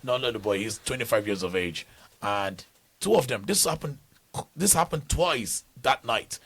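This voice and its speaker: A man's voice: mid-range voice, lively intonation, moderate pace, creaky, a bit bright. A middle-aged man from Nigeria, a podcast guest telling stories in rambling casual talk, full of restarts. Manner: rambling storytelling with many restarts.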